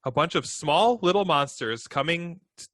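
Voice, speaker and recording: A man's voice: a little high, animated, normal speed, a bit bright, dry recording. A man co-hosting a movie podcast, explaining a show's premise in casual, matter-of-fact chat. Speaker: podcast co-host.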